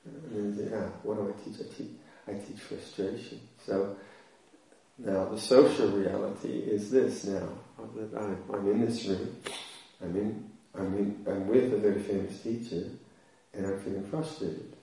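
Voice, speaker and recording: A man's voice: lowish voice, fairly even intonation, measured pace, warm tone. A man, a Buddhist monk, giving a dharma talk as a humorous, self-deprecating story with frequent laughter. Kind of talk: dharma talk with personal anecdote. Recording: echoey hall, voice from far off.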